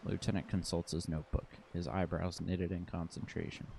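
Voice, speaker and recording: A man playing a detective game and reading its text aloud in a flat, unhurried way. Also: low voice, creaky, a little hiss or hum.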